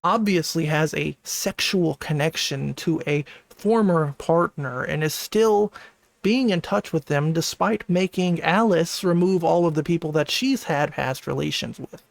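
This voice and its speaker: A man's voice: a little high, a little slow, gravelly, dry recording. A man reading out screenshots and adding casual commentary as a channel host. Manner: casual, conversational asides. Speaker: commentary YouTuber.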